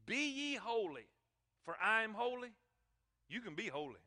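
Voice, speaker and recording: Man, preacher, high and bright voice, emphatic, reverberant church hall. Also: sing-song, moderate pace. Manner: emphatic, calls to the congregation. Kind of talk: sermon. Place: church sanctuary.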